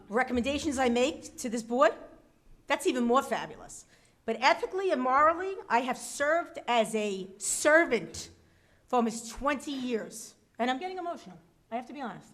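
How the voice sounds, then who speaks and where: A woman's voice: high-pitched, fairly bright tone. A middle-aged woman, an acting school superintendent, speaking defiantly and emphatically at a public board meeting.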